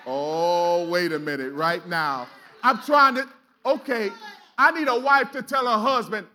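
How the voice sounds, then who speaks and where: A man's voice: high voice, unhurried, pushed and bright. A man preaching a sermon in a church, exhorting the congregation with call-and-response and casual, colloquial asides. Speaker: pastor. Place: church sanctuary.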